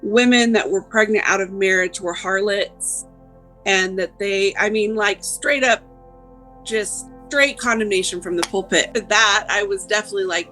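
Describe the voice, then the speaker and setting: Woman guest, conversational testimony, filler-heavy, soft music under her. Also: mid-range voice, moderate pace, rough recording. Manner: casual, many "like" fillers. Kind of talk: personal testimony.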